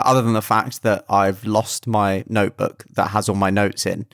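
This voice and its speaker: Blunt man, low voice. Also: level tone, moderate pace, no room sound, studio quality. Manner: blunt, swears, stammers when worked up. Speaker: podcast co-host. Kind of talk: casual chat.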